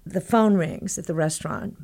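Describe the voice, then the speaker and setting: An older woman from Texas tells stories as an interview guest, her voice sitting a little low. She is lively and laughs often, and she acts out what other people said. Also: normal speed, vocal fry. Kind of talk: animated storytelling in an interview.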